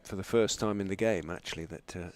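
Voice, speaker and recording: A man giving live cricket commentary, chatty between balls and excitable when a chance goes down. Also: sits low, fast talker.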